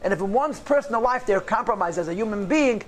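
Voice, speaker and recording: Male rabbi, teaching a class; high-pitched man's voice, emphatic and driven, drops in Hebrew and Yiddish words. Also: lively intonation, fast talker. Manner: emphatic, passionate, punchy repeated phrases; mixes in Hebrew and Yiddish terms. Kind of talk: lecture on Jewish texts.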